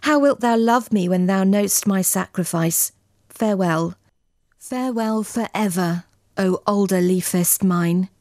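A woman's voice: medium pitch, measured pace, darkish tone, no echo, clean studio sound, lightly acted. A woman narrator voicing a solemn young man in an old tale, tender and grave in archaic speech. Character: solemn young male lover bidding farewell.

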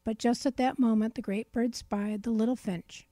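A woman narrating a children's storybook in a gentle, clear read-aloud manner. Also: a little high, fairly even intonation, normal speed, no echo.

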